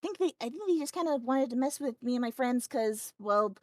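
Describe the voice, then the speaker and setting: Flustered, polite young rabbit woman for a tabletop game, voiced by a woman, higher-pitched, stammers. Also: lively intonation, a little fast, a little mellow, dry recording, clean studio sound. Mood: worried. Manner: nervous, stammering, apologetic.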